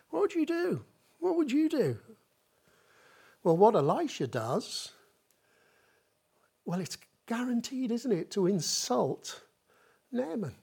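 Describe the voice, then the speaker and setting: A woman's voice: mid-range voice, darkish tone, breathy edge. A woman preaching a sermon, asking rhetorical questions and repeating points for emphasis.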